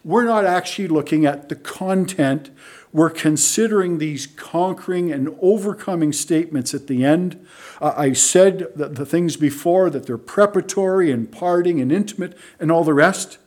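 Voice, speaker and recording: A middle-aged man preaching a sermon, emphatic, moving between loud stresses and hushed asides. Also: on the high side, normal speed.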